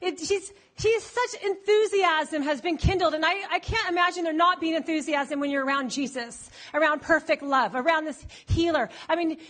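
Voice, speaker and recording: High-voiced woman preaching playfully. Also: moderate pace, hardly any pauses, fairly bright tone. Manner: playful, teasing the congregation. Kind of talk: lively conversational sermon.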